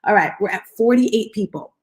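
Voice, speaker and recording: A woman's voice: mid-range voice, expressive, moderate pace, a little mellow. A woman hosting a live motivational morning talk, upbeat and coaxing as she draws listeners in and leads call-and-response. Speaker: host of a live audio room.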